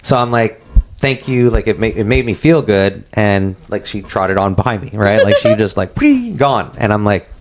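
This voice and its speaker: A man in his forties, a podcast guest telling a story in a casual, animated way, acting out what people said, with many filler words. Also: fairly low pitch, normal speed. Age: 40s. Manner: animated, acts out quoted dialogue, frequent "like" fillers.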